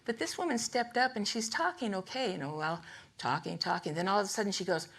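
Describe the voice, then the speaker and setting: An older woman giving a rambling, humorous artist lecture to a live museum audience, chatty and quick to laugh. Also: medium pitch, fairly bright tone, husky. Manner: chatty, laughs often, self-interrupting. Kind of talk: rambling humorous storytelling talk.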